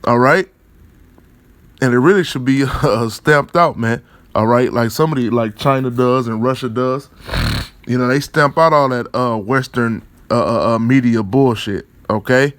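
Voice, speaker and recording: A man riffs on news articles through a religious lens, rambling and cursing freely. His voice sits mid-pitched and sounds dry and close, with no room around it. He keeps looping back on fillers and checks in with tag questions, chuckling between thoughts. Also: normal speed, clean tone, dry recording. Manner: chuckles often while talking. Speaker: religious commentator.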